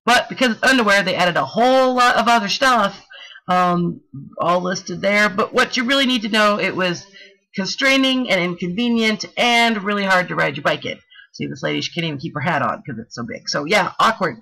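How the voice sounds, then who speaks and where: A woman presenting a talk with slides, telling a story in a playful, animated way with slangy, jokey asides. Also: medium pitch, moderate pace, vocal fry, poor audio.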